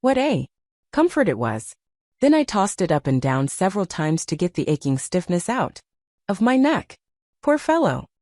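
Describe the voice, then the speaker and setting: Lively woman audiobook narrator. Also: lowish voice, no room sound, studio quality. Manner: measured storytelling. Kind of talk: scripted narration.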